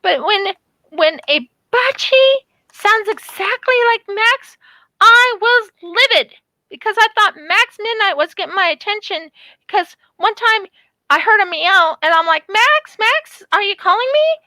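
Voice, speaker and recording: Slow, bright-voiced woman telling stories. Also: very high voice, no echo. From United States. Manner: animated, acts out quotes in her storytelling. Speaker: craft channel vlogger. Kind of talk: casual storytelling while crafting.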